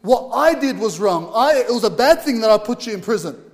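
A man's voice: extremely high pitch, animated, fairly quick. A man voicing a cranky, proud king who exclaims indignantly, in a sermon story. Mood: remorseful. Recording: long hall reverb.

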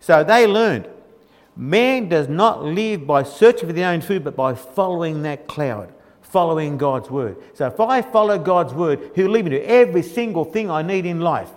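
Emphatic preacher in a hall. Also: male voice, fairly high pitch, expressive, moderate pace. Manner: colloquial, emphatic, mocking quoted grumbling. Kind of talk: sermon.

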